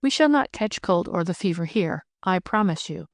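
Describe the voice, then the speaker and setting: A woman reading the part of a kind, practical young peasant girl in an audiobook, speaking briskly and teasing gently. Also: fairly low pitch, lively intonation, no echo, studio quality.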